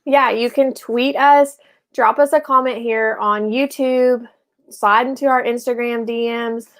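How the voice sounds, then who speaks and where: A woman co-hosts a relaxed live show in a slightly high voice. She chats easily with frequent ums and quick laughs. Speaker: co-host. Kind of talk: casual live-show chat.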